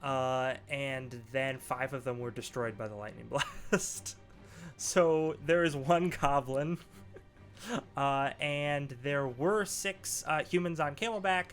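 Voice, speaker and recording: Brief: easygoing male game master, laughs often, soft music behind. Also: medium pitch, slow. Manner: relaxed, laughing, many fillers. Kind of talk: narrating a tabletop game. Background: faint background music.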